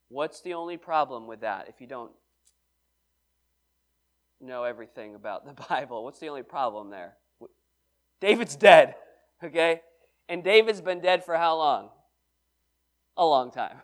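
A man's voice: medium pitch, lively intonation, unhurried, long pauses. Man preaching a Bible study. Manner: reads scripture aloud, then explains with questions to the room. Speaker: pastor. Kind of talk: sermon.

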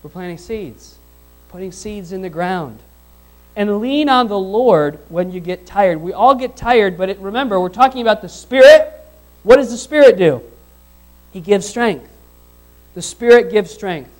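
A man's voice: high-pitched, expressive, a little slow, low-quality recording. A male pastor preaching a sermon in a conversational way, asking the congregation questions and repeating his phrases.

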